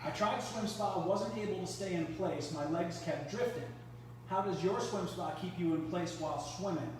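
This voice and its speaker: A man's voice: high-pitched, moderate pace, a little mellow, a little hiss or hum. A man hosting a live product demo beside a swim spa, chatty, explaining as he goes with restarts. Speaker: host and triathlon coach.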